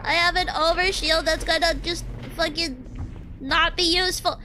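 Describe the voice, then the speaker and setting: A woman's voice: high voice, normal speed, bright, forceful tone, slight background noise. A young woman streaming a game, exclaiming, swearing and raging at her matches. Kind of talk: live gameplay commentary.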